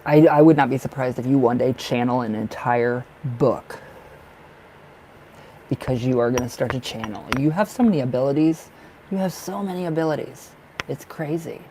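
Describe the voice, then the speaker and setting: Young male tarot reader, chatty and rambling, warm low tone, light background hum. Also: rough recording. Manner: chatty, rambling, laughs often. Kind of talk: live stream reading.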